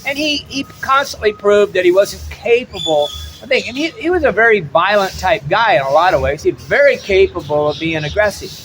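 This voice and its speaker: Blunt american guy, middle aged, rambling and repeating himself, high-ish voice, cars noisy in the background. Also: expressive, brisk, few pauses, fairly bright tone. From United States. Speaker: travel vlogger. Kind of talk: opinionated monologue.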